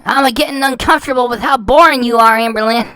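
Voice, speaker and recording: A woman's voice: on the high side, fast, fairly bright tone, dry recording, poor audio. A woman hosting a reaction channel, talking over clips in a scornful, insulting way and often stumbling and repeating words. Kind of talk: mocking commentary over clips.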